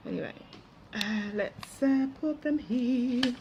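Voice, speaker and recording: A woman's voice: on the high side, expressive, slow pace, noisy background. A woman chatting to her viewers while she crafts, with self-mocking asides. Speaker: craft vlogger. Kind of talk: casual chatty crafting vlog. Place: outdoors at a table.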